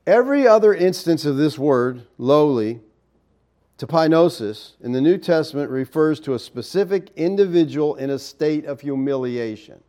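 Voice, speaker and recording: A man's voice: on the high side, expressive, moderate pace, dark tone. A man preaching a verse-by-verse Bible teaching, explaining Greek words and often checking in with the listeners.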